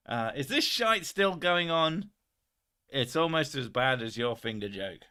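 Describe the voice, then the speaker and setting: Bright-voiced man chatting casually. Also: medium pitch, lively intonation, slow pace. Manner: rambling, swears freely, laughs at himself. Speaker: streamer host. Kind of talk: casual chat reading viewer messages.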